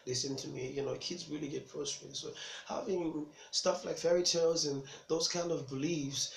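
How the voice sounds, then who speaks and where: Animated African storyteller with a gravelly voice. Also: male voice, a little high, normal speed. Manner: animated, chatty, laughs at his own jokes. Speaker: stand-up comedian. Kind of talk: stand-up storytelling. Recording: roomy echo with faint ambience.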